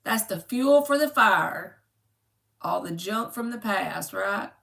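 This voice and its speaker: A woman reads tarot for a live audience and chats with them by name. Her voice is bright and has a gravelly edge. She sits a little back from the mic. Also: mid-range voice, lively intonation, slow, far from the mic. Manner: chatty, joking, talks to viewers by name. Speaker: tarot reader. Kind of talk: casual live-stream tarot reading. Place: home room.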